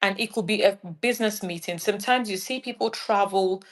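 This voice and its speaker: A woman's voice: medium pitch, a little fast. A woman from Nigeria, a guest in an interview chat, talking animatedly and acting out little scenes. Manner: animated, acts out little scenes in quoted voices.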